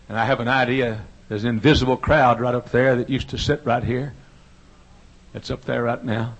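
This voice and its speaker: A man's voice: mid-range voice, gravelly. A male pastor preaching a fervent revival sermon, folksy and humorous, building to impassioned pleading.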